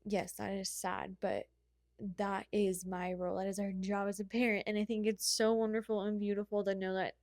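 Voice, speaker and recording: Young mom podcaster just chit-chatting, heartfelt and rambly, mid pitched, no room echo. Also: female voice, little pitch movement, normal speed, a little mellow, clean studio sound. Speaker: podcast host. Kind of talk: casual solo chat.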